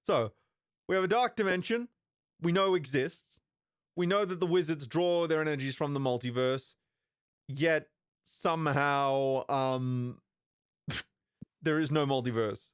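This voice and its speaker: A man's voice: on the high side, measured pace, pauses often, smooth, no room sound, studio quality. A man hosting a reaction video in casual commentary, rambling, stumbling over words and swearing.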